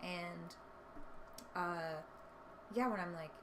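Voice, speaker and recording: A woman's voice: fairly low pitch, very slow. A young woman musician guesting on a casual chat, laid-back with dry humor. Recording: noticeable background noise.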